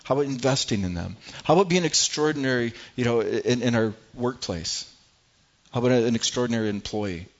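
A man's voice: medium pitch, a little fast, dull audio. A middle-aged man preaching a sermon as pastor, earnest and prone to repeating words as he builds his points.

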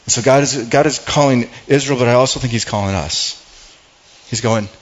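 A man's voice: medium pitch, fairly quick. Man preaching a conversational sermon, lo-fi. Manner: conversational preaching with frequent repeated words and restarts. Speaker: pastor.

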